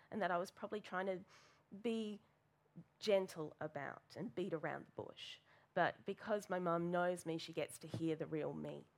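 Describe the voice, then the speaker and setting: A woman preaching a sermon in church, telling a candid, self-deprecating personal story with plenty of fillers. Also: lowish voice.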